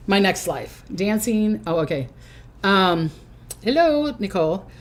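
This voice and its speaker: A woman's voice: medium pitch, big pitch swings, extremely slow. An older woman hosting a casual psychic livestream from her recliner at home, chatty and hyper, often giggling. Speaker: psychic host.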